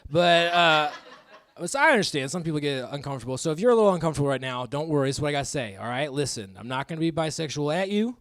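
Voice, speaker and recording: A man in his thirties doing live stand-up comedy on a club stage, crude and self-mocking, with quick asides to the crowd. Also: fairly high pitch, lively intonation, a bit bright. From American Midwest.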